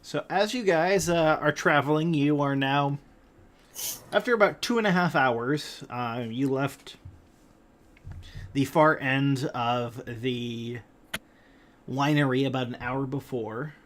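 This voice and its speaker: A man narrating as game master of a tabletop game, unhurried and hesitant, pausing with fillers. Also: mid-range voice, a bit bright.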